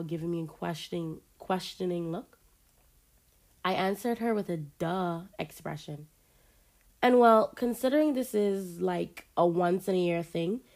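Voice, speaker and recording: A woman's voice: on the low side, dark tone. Woman reading a first-person story casually. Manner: casual and conversational, with small slips.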